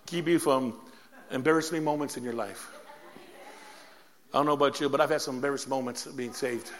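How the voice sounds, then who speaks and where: A man preaching a sermon, telling a story with lively, laughing energy. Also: medium pitch, brisk, big-room sound, background noise. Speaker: pastor.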